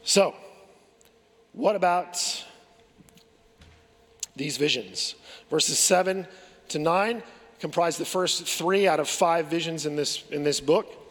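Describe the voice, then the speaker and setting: A man's voice: fairly high pitch, slow pace, pauses often, a bit bright. A man preaching a sermon as pastor, earnest, asking rhetorical questions and restarting his phrases. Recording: long hall reverb.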